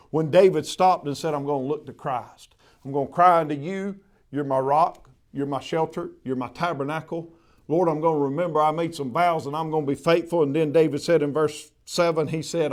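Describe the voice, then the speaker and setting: A man preaching a sermon, in a fervent, repetitive preaching cadence. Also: fairly high pitch. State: recovered from covid.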